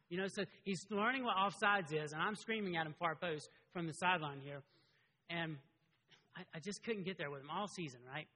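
Husky, bright-voiced preacher in a hall. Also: male voice, high-pitched, fairly quick. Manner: conversational, animated, with frequent restarts. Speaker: pastor. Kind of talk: sermon. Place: church sanctuary. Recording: long reverb of a large hall.

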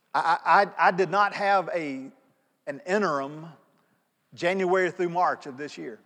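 High-voiced man preaching in a reverberant church. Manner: conversational storytelling preacher, swinging from soft asides to loud emphatic pleas. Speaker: pastor. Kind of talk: sermon. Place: church sanctuary. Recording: long reverb of a church sanctuary.

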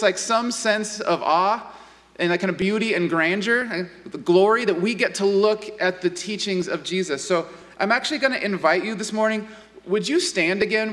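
Man, pastor, sermon, earnest, fillers and restarts, high voice, long church echo. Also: a bit bright. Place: church sanctuary.

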